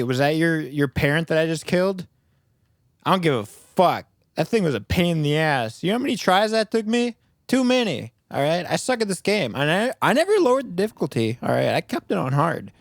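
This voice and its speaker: A man giving casual let's play commentary on a game he is playing, excitable, laughing often, swearing and yelling at the screen. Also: a little high, vocal fry, no room sound, clean studio sound. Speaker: gaming video creator.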